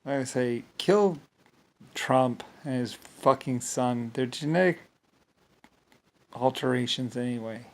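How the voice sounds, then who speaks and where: A man's voice: mid-range voice, steady tone, a little slow. Rambling, agitated man ranting to camera. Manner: rambling, agitated and profane, with repeated stumbling restarts.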